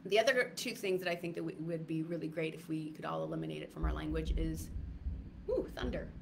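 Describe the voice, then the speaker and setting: A woman's voice: deep voice, expressive, brisk, gravelly, slight background noise. A woman giving a casual livestream talk to viewers, rambling with many fillers and restarts. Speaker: wellness retreat speaker.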